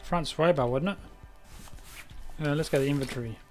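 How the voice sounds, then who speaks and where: A man's voice: a little high, normal speed, a little mellow, faint music behind. A man from South Australia with an Australian accent, chatting casually while live streaming a car repair game and rambling a little. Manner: rambling, chatty, loses his train of thought. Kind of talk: casual gameplay commentary.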